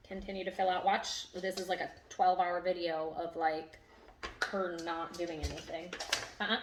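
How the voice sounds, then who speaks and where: A chatty, self-deprecating woman talks through her dog training and coos praise at the dog. Her voice sits a little low. She is recorded in an echoey room with faint background noise. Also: little pitch movement, normal speed. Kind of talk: casual training vlog.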